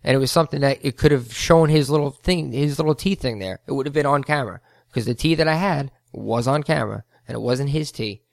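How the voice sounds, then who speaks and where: A man's voice: medium pitch, brisk, gravelly, no room sound, clean studio sound. A man hosting a podcast, telling a rambling story with heated asides. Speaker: podcast host, float center owner. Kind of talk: casual storytelling monologue.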